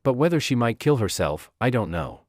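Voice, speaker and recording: Smug, sneering young lord, lively delivery; male narrator voices him. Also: medium pitch, a little fast, no echo, studio quality. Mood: mocking. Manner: sneering, teasing.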